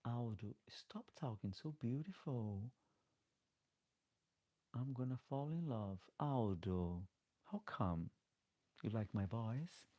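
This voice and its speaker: With a mid-range, dark voice and lively intonation, a middle-aged man hosts a live-stream Q&A in drag, speaking slowly and pausing often while reading viewer comments. His English is slightly broken with lots of restarts; a desk microphone gives a dry sound.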